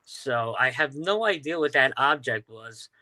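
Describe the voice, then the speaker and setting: A New York–accented guest from Staten Island, a UFO sky watcher, speaks a little slowly in a sharp, medium-pitched voice with lively intonation. He tells stories in a casual interview, with many fillers and restarts.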